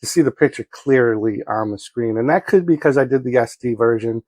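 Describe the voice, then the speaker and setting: A man's voice: medium pitch, a little fast, darkish tone, no room sound. A man giving a casual spoken movie review from his home studio, rambling with many ums and self-corrections.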